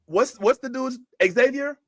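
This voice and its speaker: A man argues his point earnestly in casual livestream talk. His voice is high for a man, and the sound is dry and close with no room in it. He slips into even higher voices to mimic people. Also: unhurried, no room sound. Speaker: podcast co-host. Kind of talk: casual livestream show discussion.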